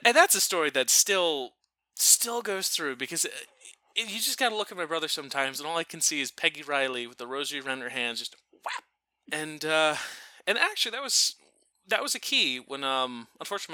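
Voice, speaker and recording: A man telling a family story in a casual chat, animated and often breaking off to restart his sentences. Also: fairly high pitch, no room sound. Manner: animated, self-interrupting.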